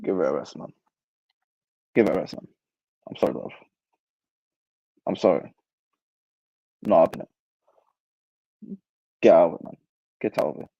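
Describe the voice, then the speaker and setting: A man's voice: sits low, moderate pace, vocal fry, pauses often, dark tone, no echo, highs cut off. A young man hosting a football channel, chatting casually and reacting animatedly to live comments in slang. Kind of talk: casual livestream chat.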